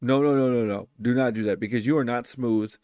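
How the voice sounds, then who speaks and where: A young man hosting his own podcast, giving profane, blunt advice in a casual solo monologue and acting out quick quoted exchanges. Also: medium pitch, a little mellow, clean tone, dry recording, clean studio sound. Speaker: podcast host.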